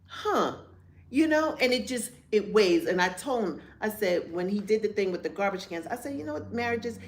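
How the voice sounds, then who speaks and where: A woman's voice: mid-range voice, expressive, normal speed. A woman in her fifties co-hosting a candid chat show, telling a story with vivid acted-out quotes and blunt, profane language. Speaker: podcast co-host.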